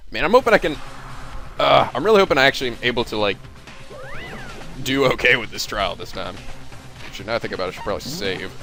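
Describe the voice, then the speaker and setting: A man's voice: mid-range voice, expressive, quick pace, pauses often, pushed and bright, soft background music. A man hosting a video game let's play, reading the game's text with dramatic flair and commenting casually, swearing and laughing.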